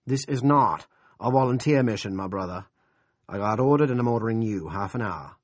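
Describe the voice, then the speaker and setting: A man's voice: on the low side, lively intonation, brisk, no echo, clean studio sound. A man voicing a crude, menacing small-town bully who snarls out profane orders.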